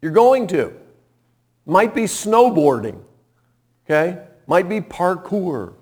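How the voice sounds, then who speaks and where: A man preaching a sermon, telling folksy stories and swinging from hushed tones to loud, impassioned appeals. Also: sits high, big pitch swings, takes it slowly, slightly rough. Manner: folksy, storytelling.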